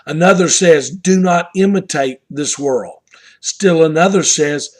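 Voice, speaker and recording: An older man with a Southern US accent, telling a family story and drawing a devotional lesson from it in an earnest, homespun way. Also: fairly high pitch. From Southern United States. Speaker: pastor. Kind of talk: devotional message.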